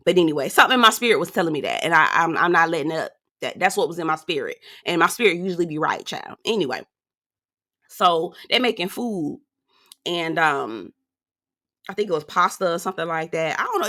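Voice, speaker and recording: Sassy, bright-voiced woman reviewer. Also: fairly low pitch, lively intonation, a little fast. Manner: sassy and outspoken, talks straight to viewers. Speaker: reality TV reviewer. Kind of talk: casual commentary.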